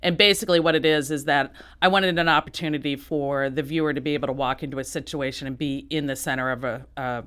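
A woman artist answering interview questions, halting with many restarts and often laughing. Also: sits low, fairly even intonation, a bit bright, clean tone. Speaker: artist, guest. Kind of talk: interview conversation.

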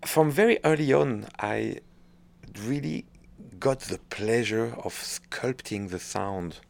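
A middle-aged conductor from France speaks English with a clear French accent. His voice sits low with a gravelly fry. He answers interview questions thoughtfully, pausing and restarting as he searches for words. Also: a little mellow.

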